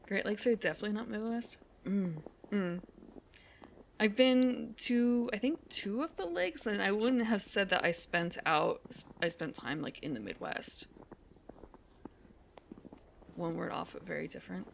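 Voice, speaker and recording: A woman talks casually as she walks outdoors, rambling and correcting herself with frequent laughs. Her voice sits in a middle pitch. Faint background noise runs under the portable mic. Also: creaky, fairly bright tone. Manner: rambling, chatty, self-correcting, laughs often. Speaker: streamer. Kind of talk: casual chat while walking. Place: outdoors on a winter walk.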